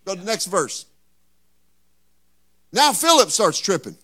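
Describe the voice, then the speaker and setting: A male pastor with a high, husky, sing-song voice preaches a little slowly, leaving long pauses. His conversational sermon fires rhetorical questions at the congregation and builds to loud, emphatic peaks.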